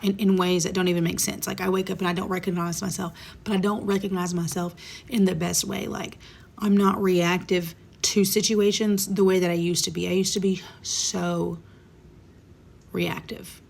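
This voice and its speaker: A woman's voice: on the low side, level tone, moderate pace, vocal fry, a little mellow, slight background noise. A woman in her thirties telling a personal story in a candid, emotional way, sometimes dropping to a whisper. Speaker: vlogger. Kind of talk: casual storytime monologue.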